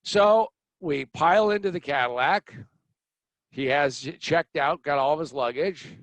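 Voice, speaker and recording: Middle-aged man, blunt storyteller, animated, dry close mic. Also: fairly high pitch, a little slow, no echo. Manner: animated, blunt, acts out other people's lines. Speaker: podcast host telling a personal story. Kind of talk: storytelling monologue.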